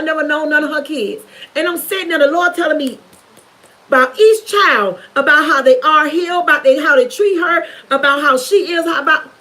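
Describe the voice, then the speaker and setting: A woman's voice: high-pitched, pushed and bright, poor audio. A middle-aged woman, giving a fervent, preachy testimony on a livestream, repeating herself for emphasis. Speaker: YouTuber.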